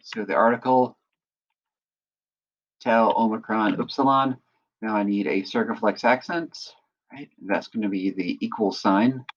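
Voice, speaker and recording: A man acting as instructor, patiently walking through a software tutorial and often checking in with listeners. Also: lowish voice, unhurried, pauses often, highs cut off. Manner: patient step-by-step explaining, often checks in with "right?". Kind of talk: screen-recorded software tutorial.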